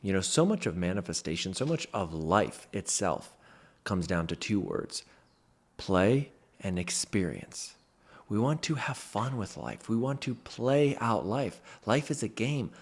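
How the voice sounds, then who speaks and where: A man's voice: fairly low pitch, very animated, a little slow. A man in a motivational talk to camera, a mentor who speaks emphatically and stresses his points with "freaking".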